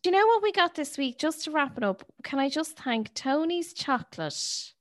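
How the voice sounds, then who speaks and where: A woman's voice: high voice, very animated, moderate pace, no echo. A woman co-hosting a comedy podcast, chatty and teasing, often poking fun at herself. Her voice is close and dry, with no room sound around it. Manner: chatty, teasing, self-mocking. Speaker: podcast co-host. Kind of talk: casual podcast chat.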